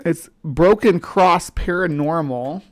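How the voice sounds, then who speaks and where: A woman's voice: on the low side, slow. A woman with a central US accent hosts a casual livestream and rambles freely, greeting viewers as they join. Her talk is chatty and loose, with the easy tone of a self-described skeptic. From central US, between the South and the upper Midwest. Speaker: livestream host.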